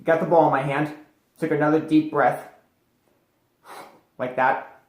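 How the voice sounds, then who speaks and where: A man's voice: a little high, fairly even intonation, unhurried, reverberant. A man telling a personal story as an interview guest, rambling with many fillers and restarts.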